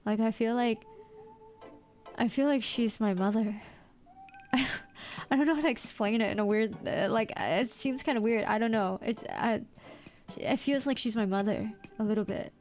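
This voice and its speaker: Excitable high-voiced American woman streamer. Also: moderate pace, faint music behind. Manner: excitable and playful, squeaky outbursts. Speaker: VTuber streamer. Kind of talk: casual livestream chat, reading chat aloud.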